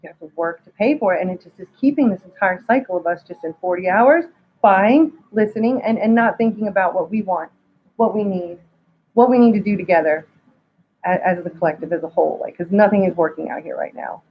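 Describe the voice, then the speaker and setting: A woman with a husky voice talks as a guest, rambling and stammering over repeated words. The sound is dull and lo-fi. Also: medium pitch, a little fast. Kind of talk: casual spiritual talk.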